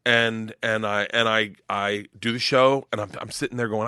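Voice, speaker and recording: A middle-aged man from Florida, a comedian guest telling animated, profane stories and acting out quotes loudly. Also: on the low side, normal speed, clean tone, dry recording, studio quality. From Tampa, Florida. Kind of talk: casual storytelling chat.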